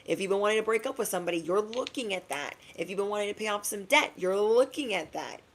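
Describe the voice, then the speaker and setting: A young woman giving a casual spiritual pep talk to her viewers, chatty and slangy, acting out quick asides. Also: mid-range voice, expressive, slight background noise. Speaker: spiritual reader.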